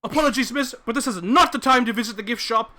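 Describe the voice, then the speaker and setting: A man voicing a haggard, injured noble warrior who shouts in a flustered rush. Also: extremely high pitch, fast talker, voice pushed up, full character voice. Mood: flustered shouting.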